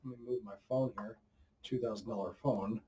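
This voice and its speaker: A man guesting on a movie podcast, teasing and animated, plugging his channel. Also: lowish voice, a little fast. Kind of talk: casual podcast banter. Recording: off-mic, a little distant.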